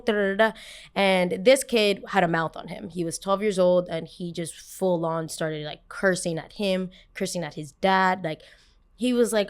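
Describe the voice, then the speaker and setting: A young woman hosting a podcast, telling a story casually and acting out the people she quotes with a raised voice. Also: moderate pace. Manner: animated, acts out quotes with raised pitch. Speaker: podcast host.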